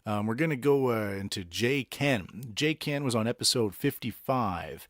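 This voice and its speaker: Recorded in Tokyo with studio quality and no echo, this solo podcast host from Boston speaks with a Boston accent in an animated, medium-pitched voice at a moderate pace. He chats about songs casually and ramblingly, using lots of fillers.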